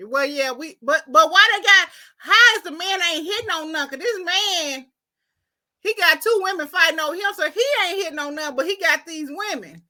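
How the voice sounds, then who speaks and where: Woman, podcast host, casual chat, high voice, animated storyteller. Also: a little fast. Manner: animated storyteller who reads quotes dramatically.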